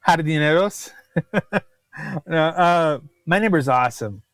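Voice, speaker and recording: A man, a food writer chatting as a podcast guest, telling stories with animated disbelief. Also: a little high, a little slow, no room sound. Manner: animated, incredulous storyteller. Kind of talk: casual podcast chat.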